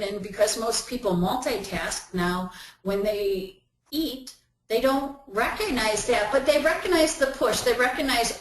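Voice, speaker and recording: A woman's voice: on the high side, lively intonation, measured pace, slight background noise. A woman giving a webinar talk in a conversational way, acting out everyday inner voices as she explains. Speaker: webinar presenter. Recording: roomy echo.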